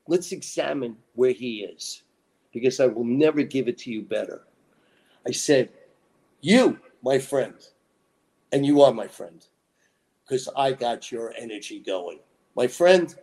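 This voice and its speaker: A man's voice: on the high side, warm tone. Rambling, dramatic man telling stories. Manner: rambling, dramatic, acts out his own quotes. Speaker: guest author and lecturer. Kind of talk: animated storytelling interview.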